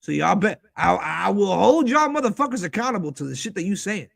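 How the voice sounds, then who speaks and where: A man hosting a fan talk show, ranting in a heated, profane, fast-talking way. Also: high voice, sing-song, gravelly, no room sound, studio quality. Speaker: host.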